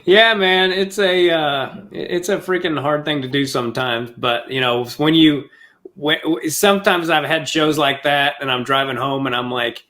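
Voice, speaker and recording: A man hosting a podcast as a fellow comedian, asking relaxed and chatty questions with easy fillers. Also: on the high side, normal speed. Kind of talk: casual interview chat.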